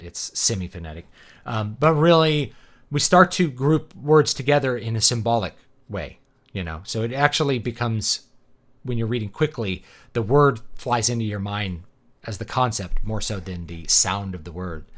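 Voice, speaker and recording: Chatty guy rambling about books while gaming, pitch jumps all over, lots of ums. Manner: rambling, opinionated, full of fillers. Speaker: teacher and author streaming a game. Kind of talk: casual chat over gameplay.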